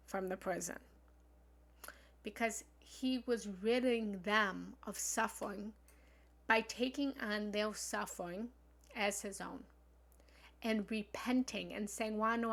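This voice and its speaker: A woman's voice: mid-range voice, vocal fry, fairly bright tone. A woman spiritual love coach speaking earnestly on a live stream, meandering with many fillers as she explains a prayer.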